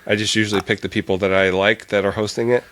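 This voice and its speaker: A man's voice: on the low side, little pitch movement, quick pace, fairly bright tone. A man co-hosting a casual podcast chat, easygoing and frank with his opinions. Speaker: podcast co-host.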